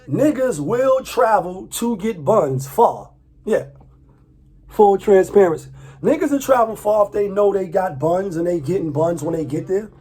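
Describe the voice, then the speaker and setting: Husky-voiced man ranting casually. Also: high-pitched, lively intonation, measured pace, dark tone. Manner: loose, profane, repeats himself, laughs often. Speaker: vlogger. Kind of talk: casual commentary.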